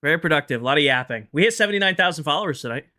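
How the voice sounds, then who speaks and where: Man, tired late-night streamer, bright tone, casual sarcastic chat. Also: fairly high pitch, expressive, very fast. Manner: chatty, sarcastic, addresses chat directly. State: tired at end of long stream.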